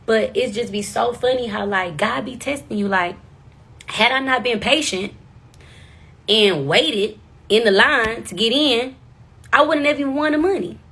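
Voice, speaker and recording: A woman in her twenties from Houston, telling a story in an animated, profane, slangy way. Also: a little high, measured pace, breathy edge. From Houston, Texas. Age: 20s. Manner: lively, profane, playful slang. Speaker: vlogger.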